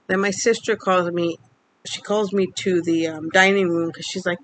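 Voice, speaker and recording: A woman's voice: fairly low pitch, fairly even intonation, moderate pace, a little hiss or hum. A young woman in her twenties, from Mexico, candidly telling a personal story in a casual vlog, rambling with lots of fillers. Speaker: vlogger.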